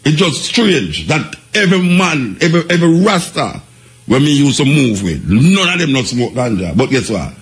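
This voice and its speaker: An older man with a Jamaican accent, telling his life story in an animated, repetitive way in casual patois. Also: mid-range voice, normal speed.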